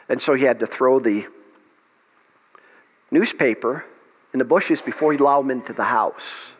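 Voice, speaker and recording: A man's voice: medium pitch, normal speed, long pauses, husky. A male pastor at a revival meeting, preaching and praying with passion and stopping to restart his words. A long echo trails each phrase, as in a big church hall. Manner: impassioned, restarts often, prays aloud. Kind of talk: revival meeting sermon and prayer.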